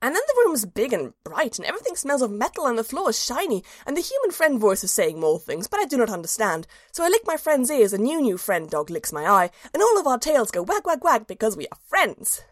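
A woman's voice: fairly high pitch, big pitch swings, a little fast, hardly any pauses, no echo, studio quality. A woman narrating a storybook in the voice of a cheerful, simple-minded little dog, earnest and childlike.

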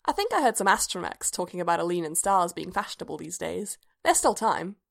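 A woman reading aloud voices a shy, gentle young man in a storybook reading, soft and hesitant. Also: fairly low pitch, sing-song, brisk, gravelly, exaggerated voice.

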